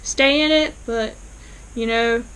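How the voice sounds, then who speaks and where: Woman vlogger retelling a tv episode, kinda high voice, lots of likes and ums. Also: fairly even intonation, slow pace, a bit bright, clear, resonant tone, low-quality recording. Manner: chatty retelling with fillers and acted-out quotes. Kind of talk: casual episode recap.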